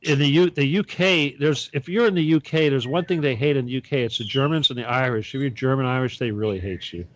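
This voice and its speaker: A man's voice: medium pitch, quick pace, hardly any pauses, dull audio, slight background noise. A man hosting a casual online talk show, telling rambling stories with laughs and restarts. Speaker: podcast host. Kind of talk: casual chat.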